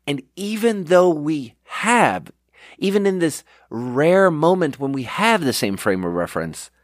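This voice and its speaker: A man's voice: a little high, unhurried, no room sound, studio quality. A man hosting a podcast alone, talking in a rambling, digressive, self-deprecating way and acting out the people in his stories. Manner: animated storyteller who acts out quotes. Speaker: podcast host. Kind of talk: casual solo monologue.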